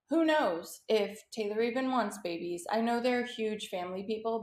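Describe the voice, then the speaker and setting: A young woman hosting a podcast, chatting about pop culture in an excitable, gushing way and swearing freely. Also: medium pitch. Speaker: podcast host. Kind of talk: casual pop culture chat. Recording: roomy echo.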